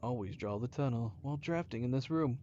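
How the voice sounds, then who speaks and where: A man playing a puzzle game and commenting as he goes, mumbling to himself and then breaking into loud surprised outbursts. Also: medium pitch, a little hiss or hum. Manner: excitable, quick swings between mumbling and loud exclaims. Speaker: gaming channel host. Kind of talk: let's play commentary. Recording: dull lo-fi sound.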